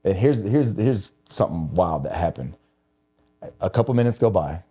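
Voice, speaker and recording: A middle-aged man talks through a personal story as a podcast host. His voice sits low and dark, and his delivery is confessional and emotional, with plenty of casual swearing. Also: expressive, normal speed, breathy edge. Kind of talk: candid conversational storytelling.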